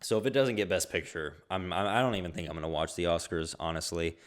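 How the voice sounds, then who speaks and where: A deep-voiced young man talks through his movie picks in a casual vlog. He's excitable and gushing, and he drops swear words freely as he goes. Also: fast. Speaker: movie vlogger.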